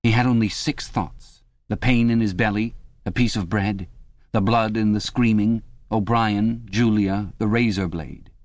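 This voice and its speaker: Deep-voiced man narrating an audiobook. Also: dry recording. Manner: even, measured reading. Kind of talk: scripted narration.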